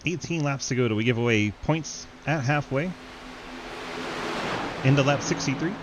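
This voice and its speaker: A male commentator calls an online race live, quick with jokes and frequent laughter. His voice sits at an ordinary middle pitch and lifts when wrecks pile up. A faint hum runs under him. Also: lo-fi sound. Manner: jokey, laughs often, excitable on wrecks. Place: home setup, online sim race broadcast.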